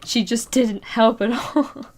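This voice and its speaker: A young adult woman streamer telling a long personal story in casual chat, halting and full of fillers and nervous laughs, on a streaming microphone. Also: a little high, darkish tone.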